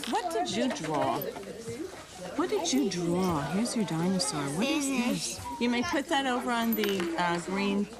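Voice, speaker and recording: Slow, singsong woman coaching small readers. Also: medium pitch. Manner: slow, coaxing, praising. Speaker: kindergarten teacher. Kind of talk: one-on-one reading help with small children.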